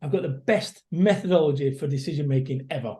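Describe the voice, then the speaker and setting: A man's voice: a little high, fast talker. A middle-aged man with a Manchester accent, a motivational speaker talking bluntly and energetically in an interview. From Salford, Manchester, England. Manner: blunt, energetic, swears casually. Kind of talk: casual interview chat.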